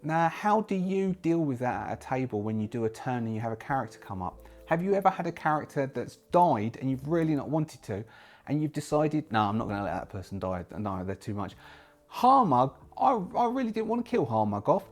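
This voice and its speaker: A man's voice: on the high side, a little fast. A man hosting a solo roleplaying channel, talking casually and rambling, often correcting himself mid-sentence. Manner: rambling, self-correcting, lively. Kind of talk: casual talk to camera.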